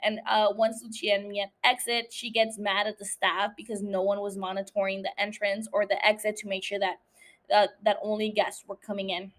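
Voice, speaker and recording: A woman's voice: mid-range voice, level tone, fairly quick. A woman host recapping a TV episode for her podcast. She talks in a loose, chatty way, swears freely and laughs often.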